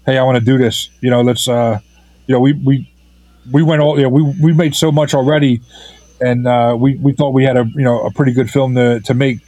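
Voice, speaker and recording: Brief: man, mid-pitch guest, rambles with fillers and restarts, close dry sound. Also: steady tone, mellow, no echo, rough recording. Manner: halting, heavy with fillers and restarts. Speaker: filmmaker guest. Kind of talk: casual interview.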